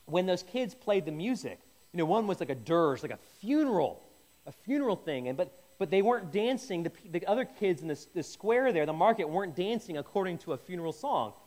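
A man's voice: high-pitched, sing-song, fairly quick, a little mellow. A man leading an informal Bible teaching, conversational and jokey, often stopping and restarting mid-sentence. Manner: conversational, self-interrupting, jokey asides. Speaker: pastor.

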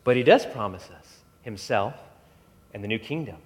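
Animated preacher in a reverberant hall. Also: male voice, fairly low pitch, moderate pace. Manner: animated preaching, voicing Bible figures in quotes. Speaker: pastor. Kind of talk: sermon.

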